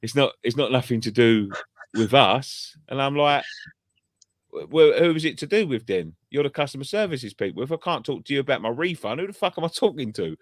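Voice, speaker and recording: A man's voice: mid-range voice, animated, fairly quick, dry recording, clean studio sound. A man chatting casually on a fan channel, telling sweary, rambling stories full of restarts. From England. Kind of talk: casual pub chat.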